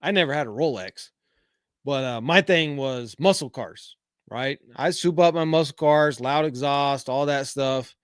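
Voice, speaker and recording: A man's voice: mid-range voice, measured pace, clear, resonant tone, no echo, studio quality. A middle-aged man hosting a casual podcast, reading viewer comments aloud and giving frank, rambling opinions full of fillers. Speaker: podcast host. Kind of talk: casual live-chat podcast.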